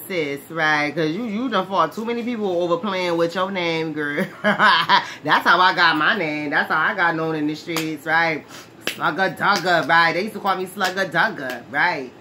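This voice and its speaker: A woman's voice: lowish voice, moderate pace, hardly any pauses, fairly bright tone, lightly acted. A woman playing a brash, streetwise former brawler who is touchy about her name, in a comedy skit monologue. She talks in slang, laughs often and keeps asking "right?". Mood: chatty. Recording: noisy background hiss.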